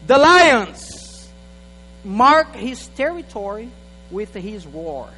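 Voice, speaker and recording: A male pastor delivers a sermon in a very high voice, slowly and deliberately, in English that is not his first language. He often stumbles and repeats words as he talks. His voice rings out with a long hall reverb. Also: very animated, bright, forceful tone. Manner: halting, repeats words, non-native phrasing, talks to an assistant.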